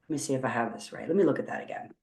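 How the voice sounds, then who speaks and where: A woman's voice: very deep voice, racing, vocal fry, darkish tone. A woman teacher walking students through a coding tutorial on screen, upbeat and encouraging as she thinks aloud. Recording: roomy echo.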